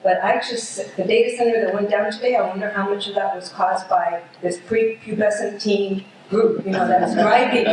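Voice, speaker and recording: A woman's voice: medium pitch, fairly even intonation, moderate pace, few pauses, a little mellow, slight background noise. A woman in the audience asking the panel a question in a chatty, conversational way. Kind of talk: conference question. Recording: echoey hall, distant mic.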